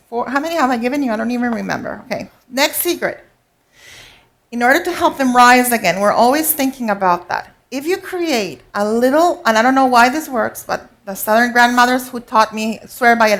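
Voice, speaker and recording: A woman cooking instructor with a highish, slightly bright voice gives a live demonstration in a teaching kitchen. She's chatty and instructive, often checking in with the audience watching her.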